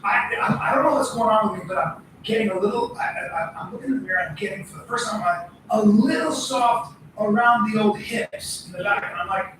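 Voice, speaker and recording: A middle-aged man co-hosting a podcast, telling animated stories in casual, swearing chat. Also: high-pitched, fairly quick, few pauses, far from the mic, noisy background. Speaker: podcast co-host. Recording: echoey room from off-mic.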